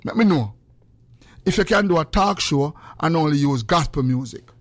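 A man's voice: fairly high pitch, lively intonation, moderate pace. A man with a Jamaican accent hosting a casual livestream, greeting viewers by name and teasing them playfully. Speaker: livestream host.

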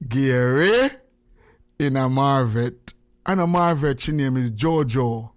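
An older man from Jamaica with a Jamaican accent, hosting a morning radio show and chatting with callers in animated, laughing patois. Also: mid-range voice, slow. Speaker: radio host. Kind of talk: casual radio chat with callers.

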